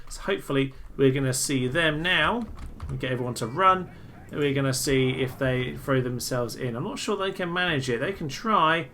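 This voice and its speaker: A man giving casual, amused commentary over a strategy game, chatty and full of quick asides. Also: a little high, sharp tone, slight background noise. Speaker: gaming channel host.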